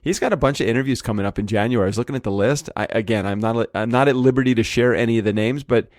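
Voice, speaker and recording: A man co-hosting a podcast in casual chat, his pitch sitting squarely in the middle. He rambles, restarts his sentences and pokes fun at himself. The recording is dry and close. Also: racing, a little mellow, no echo. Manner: joking, self-deprecating, rambling with restarts. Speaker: podcast co-host.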